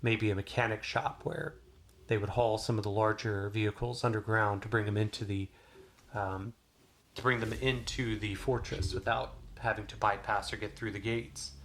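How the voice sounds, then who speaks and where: A man narrating a solo tabletop game as game master in a relaxed, rambling way with many fillers. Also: on the low side, moderate pace, slight background noise. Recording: music playing behind.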